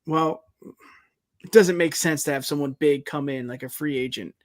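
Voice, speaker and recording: A man's voice: on the high side, moderate pace, no echo, studio quality. A man co-hosting a podcast in casual chat, leaning on fillers like "you know". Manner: conversational, leans on fillers like "you know" and "it's just like". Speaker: podcast co-host.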